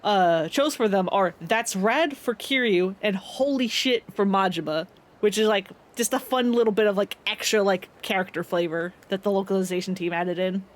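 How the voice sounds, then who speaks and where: A woman's voice: medium pitch, normal speed. A woman streamer giving casual gameplay commentary, chatty and full of fillers. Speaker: game streamer.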